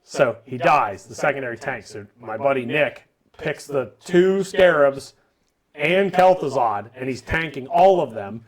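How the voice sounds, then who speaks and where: Animated man telling a gaming story. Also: medium pitch, a little slow, crowd noise. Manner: animated storyteller, swearing, acts out shouting friends. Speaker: podcast co-host. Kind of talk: casual storytelling chat. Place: live podcast studio with friends.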